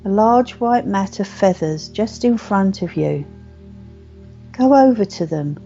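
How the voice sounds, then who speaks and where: Slow, gravelly-voiced woman guiding meditation. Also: mid-range voice, animated, warm tone. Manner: slow, soothing, repetitive guidance. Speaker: meditation teacher. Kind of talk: guided meditation. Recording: muffled lo-fi recording with faint music.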